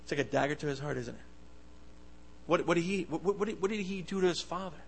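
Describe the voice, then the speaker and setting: A man delivers a fervent sermon in a slightly high voice. He swings between loud, emphatic bursts and hushed asides. He often stumbles and restarts his words as he goes. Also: fast, gravelly, slight background noise, low-quality recording. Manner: impassioned, swings loud and soft, stammering restarts. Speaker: preacher.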